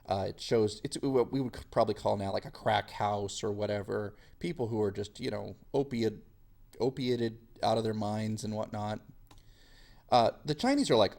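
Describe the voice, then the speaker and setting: A man's voice: fairly low pitch, normal speed, gravelly, darkish tone. A male history teacher giving a chatty, self-deprecating classroom lecture.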